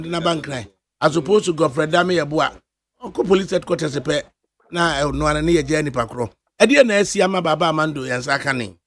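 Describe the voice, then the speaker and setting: A man with a Ghanaian accent hosting a radio talk show, lively, with laughing asides. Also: a little high. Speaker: radio host.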